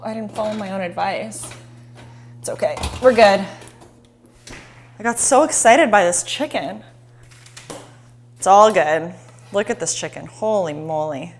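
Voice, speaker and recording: Excitable woman hosting a live cooking demo. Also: mid-range voice, a little hiss or hum. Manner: chatty and excitable, talks straight to viewers. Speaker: cooking show host. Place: home kitchen.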